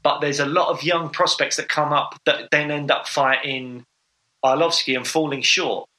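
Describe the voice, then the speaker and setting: A man's voice: on the high side, sharp tone, low-quality recording. A man co-hosting a podcast, chatting casually and enthusiastically with lots of fillers. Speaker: podcast co-host. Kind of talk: casual sports chat.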